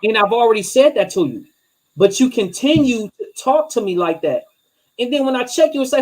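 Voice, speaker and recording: A man co-hosting a casual relationship podcast. He is animated and profane, and drops his voice low when he acts out things said to a partner. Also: a little fast, rough recording. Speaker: podcast co-host.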